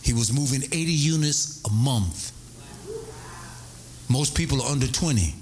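A middle-aged man preaching, spinning a story from the pulpit. His voice sits at an ordinary pitch but leaps up into excited high exclamations. A faint background hiss hangs under the recording. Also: a little slow. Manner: animated, breaks into high excited cries and laughter. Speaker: pastor. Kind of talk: storytelling sermon.

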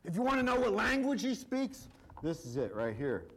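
A man's voice: sits high, huge pitch swings, moderate pace, a bit bright, low-quality recording. A male pastor preaching a sermon, reading scripture aloud and repeating his points with emphasis.

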